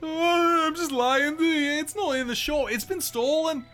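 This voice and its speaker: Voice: sits high, moderate pace, sharp tone, soft background music, voice pushed up. A game master voicing a lobster-clawed scarecrow with a put-on brogue. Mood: chatty. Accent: mock Scottish-Irish brogue. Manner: theatrical, apologetic and chatty. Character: fussy male scarecrow with lobster claws and a gourd head.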